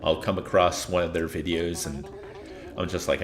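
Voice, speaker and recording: A man's voice: low-pitched, moderate pace. A man streaming himself playing a video game and chatting casually, rambling and self-deprecating, often laughing at himself.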